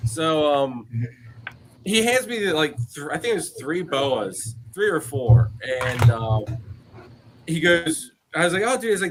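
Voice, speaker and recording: A man's voice: a little high, normal speed, a little hiss or hum. A man hosting a live podcast over a video call, telling stories in casual chat with lots of fillers. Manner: animated storytelling with many fillers. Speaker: podcast host.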